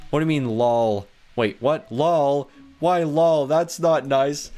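A young man gives lively gameplay commentary in a slightly high voice, laughing often and getting higher and louder when he panics. He reads chat aloud in a slow, dopey drawl. Faint music plays behind him. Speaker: gaming video host.

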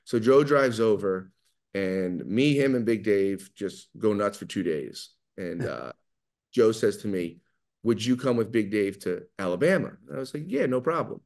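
A middle-aged man with a New York accent, talking fast and loud as he tells animated stories in an interview. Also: fairly low pitch, vocal fry. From New York area. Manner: fast, loud, animated storyteller who acts out quotes. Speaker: guest, pizza maker. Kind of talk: storytelling in an interview.

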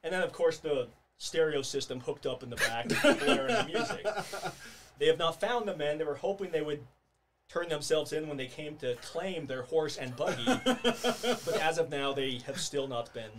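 A man's voice: a little high, expressive, moderate pace, background noise. A man co-hosting a podcast, casually paraphrasing a news story and laughing as he goes. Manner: laughs often while telling stories. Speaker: podcast co-host.

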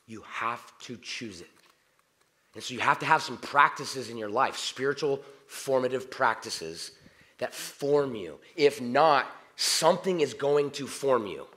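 A middle-aged man preaches in a church in a loose, conversational way. His pitch moves a lot, and he slips into quiet prayer before bursting out with animated asides. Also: a little slow. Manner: conversational, jumps between hushed prayer and animated outbursts. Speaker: pastor. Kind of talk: sermon. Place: church sanctuary.

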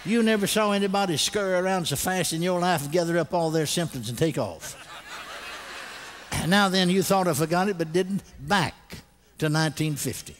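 An older man preaching a sermon, telling stories animatedly and bursting into loud acted laughter. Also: fairly high pitch, normal speed.

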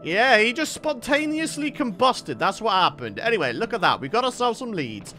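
A man's voice: sits high, sing-song, moderate pace, sharp tone, faint music behind. A man giving chatty, playful let's-play commentary and talking to the animals in his game. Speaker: gaming YouTuber.

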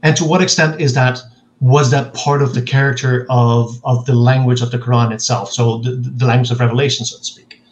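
A man speaking as a linguist guest in an interview, explaining in a measured way and acting out quoted examples. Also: mid-range voice, fairly even intonation, low-quality recording.

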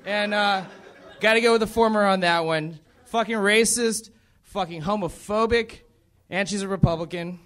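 A man's voice: high-pitched, normal speed, fairly bright tone. A young man from the American South doing a profane, rambling stand-up set and laughing at his own jokes. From Southern United States. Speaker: stand-up comedian.

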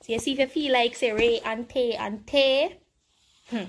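A woman with a Jamaican accent commenting live on her game, excitable and teasing her opponent. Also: on the high side, normal speed. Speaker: game streamer.

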